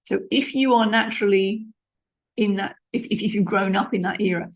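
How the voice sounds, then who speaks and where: With a steady tone at normal speed and medium pitch, a middle-aged speaking coach gives an emphatic lesson demonstrating tones of voice, frequently restarting what she says.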